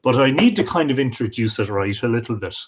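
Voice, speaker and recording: Irish male host, husky voice, easygoing off-the-cuff livestream chatter. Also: medium pitch, expressive, quick pace. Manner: chatty, off the cuff, greets viewers. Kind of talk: casual livestream chat. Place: home with bookshelves.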